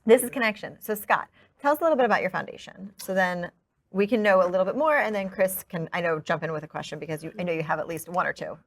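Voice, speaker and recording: A woman's voice: on the low side, fast. A woman hosting a podcast, chatting in an upbeat, rambling way with fillers. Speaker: podcast host. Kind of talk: casual podcast chat.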